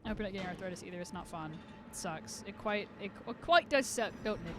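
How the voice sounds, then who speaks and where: This young female streamer, with a slight Southern US lilt, chats casually during gameplay, rambling, joking around, and swearing openly. She speaks quickly in a middle-range voice with hardly any pauses, over slight background noise.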